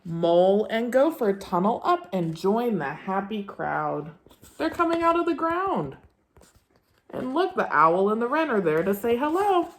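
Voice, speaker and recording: Sing-song young woman teacher, lively pitch. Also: a little slow, slight background noise. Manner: sing-song, encouraging, praises often. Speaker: preschool teacher. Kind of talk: talking to young children and reading a picture book aloud.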